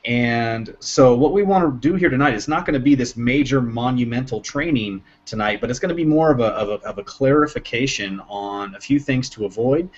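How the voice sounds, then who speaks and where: A man's voice: medium pitch, brisk, few pauses, husky. A man hosting a live online training, talking casually and often restarting his sentences. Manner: rambling, self-correcting. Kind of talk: casual live webinar chat. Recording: lo-fi online call audio.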